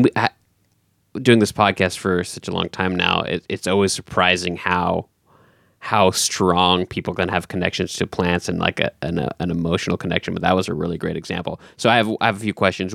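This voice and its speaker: A man's voice: low voice, fairly even intonation, moderate pace, creaky, fairly bright tone, no echo, clean studio sound. A man hosting a podcast, reflecting on a guest's story before asking questions. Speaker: podcast host. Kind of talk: casual interview talk.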